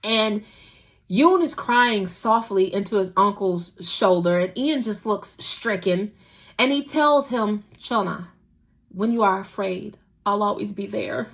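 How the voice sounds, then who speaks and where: A young woman hosting a casual recap show, animated and gushing, laughing often as she retells scenes. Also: mid-range voice, slow. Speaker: podcast host recapping a drama.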